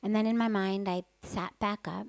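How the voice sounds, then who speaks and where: A woman's voice: medium pitch, steady tone, normal speed, vocal fry, darkish tone, dry recording. A woman who is a spiritual teacher tells a personal story candidly and vividly, sometimes dropping to a whisper for her inner thoughts.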